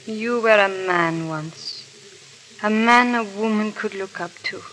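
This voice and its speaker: An actress playing a troubled, proud aristocratic wife who speaks earnestly and with reproach. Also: female voice, medium pitch, slow pace, fairly bright tone, a little hiss or hum. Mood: reproachful.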